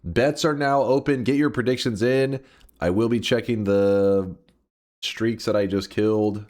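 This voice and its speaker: A man streaming a game, talking casually in an animated, mock-dramatic way and swearing often. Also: lowish voice, measured pace. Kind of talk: casual livestream commentary.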